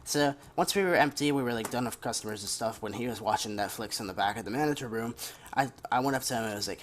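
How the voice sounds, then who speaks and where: A man's voice: mid-range voice, fast, a little hiss or hum. Young man venting a rambling story. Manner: rambling, venting, casual cursing. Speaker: gaming commentator. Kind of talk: casual storytime over gameplay.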